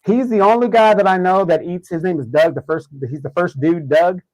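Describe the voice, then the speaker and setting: Male livestream co-host, casual, quick jokey interjections, slightly higher pitch. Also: a little mellow, rough recording. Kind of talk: casual live discussion.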